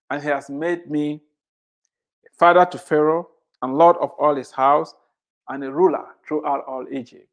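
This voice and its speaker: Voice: medium pitch, steady tone, normal speed, long pauses. A preacher giving an impassioned sermon, repeating phrases and firing off rhetorical questions. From immigrant to the United States.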